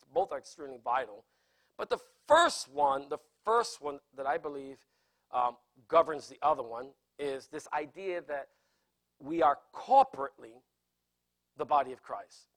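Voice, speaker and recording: Earnest pastor, fairly high voice. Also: male voice. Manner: earnest, repeats phrases, rises in emphasis. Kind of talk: sermon teaching.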